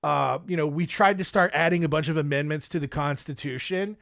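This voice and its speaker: A man's voice: a little high, brisk, creaky, a bit bright. A man hosting a casual history podcast, jokey and rambling, with many filler words. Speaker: podcast host.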